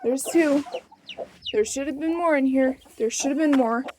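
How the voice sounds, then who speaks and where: A farm vlogger with a high voice narrates her chores casually at normal speed, coaxing her chickens and exclaiming at them in an outdoor coop. The recording has loud farmyard background noise, with clucking hens and chirping chicks.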